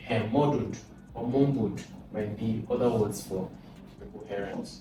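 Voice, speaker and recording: A man's voice: fairly low pitch, unhurried. A man, coaching students through exam questions and asking and answering his own questions. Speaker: exam prep tutor. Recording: echoey room, distant mic, noisy.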